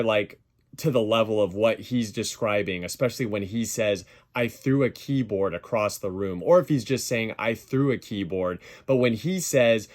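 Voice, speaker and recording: A man talking through a dispute as commentary over clips. He sounds defensive and emphatic, pressing each point hard. His pitch sits in a plain middle range. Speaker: YouTuber responding to a dispute.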